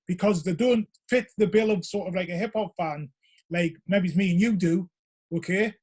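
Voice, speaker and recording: Middle-aged man, high voice, rambling storyteller, casual guest chat. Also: brisk, a little mellow, slightly rough. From Northeast England. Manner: rambling, storytelling with many fillers. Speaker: guest, vinyl DJ.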